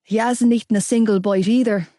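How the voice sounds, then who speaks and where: Female narrator doing a gentle, caring woman; measured, mellow, dry read. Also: fairly high pitch, fairly even intonation, no room sound, lightly acted. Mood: gentle concern.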